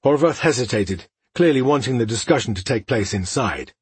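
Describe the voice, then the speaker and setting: A man reading fantasy narration for an audiobook, in an even, steady way. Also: mid-range voice, normal speed, husky, dry recording.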